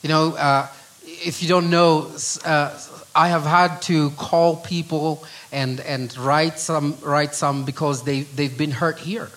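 A middle-aged Kenyan man preaching a sermon with an earnest delivery, often dropping to a hushed voice on key phrases. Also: a little high, fairly even intonation, slow pace, rough recording. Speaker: pastor.

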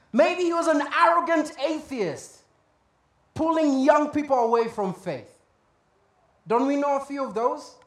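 A pastor preaching a sermon in a church hall, talking conversationally with asides and acting out short quotes. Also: sits high. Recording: echoey room.

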